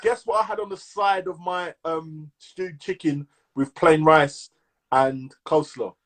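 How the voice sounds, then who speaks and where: A man with a London accent co-hosting a podcast, chatting casually in lively slang and hyping his listeners. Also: on the high side, unhurried. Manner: animated slang-heavy banter, hyping listeners. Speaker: podcast co-host. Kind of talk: casual chat.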